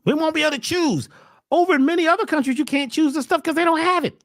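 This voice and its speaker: A woman's voice: fast talker, no room sound, clean studio sound. A woman holding forth in a slangy, emphatic monologue, firing off rhetorical questions. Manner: rhetorical questions, animated swings in pitch and voice. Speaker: host, wellness speaker. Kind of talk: preachy monologue.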